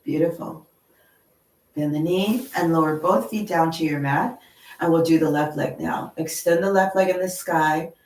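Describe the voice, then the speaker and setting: A woman leading a yoga class, gently talking students through stretches and breathing and checking in with "okay?". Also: low voice, echoey room, recorded from a distance, slight background noise, low-quality recording. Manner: slow, gentle and encouraging, with frequent "okay?". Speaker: yoga instructor. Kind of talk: guided yoga class instruction. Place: yoga studio.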